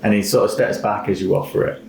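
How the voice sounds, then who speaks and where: Low-voiced male dungeon master, casual narration, echoey room. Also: quick pace, creaky. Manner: relaxed descriptive narration with fillers like "like". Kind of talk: narrating a tabletop game. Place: rented lodge room. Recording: echoey room with faint noise.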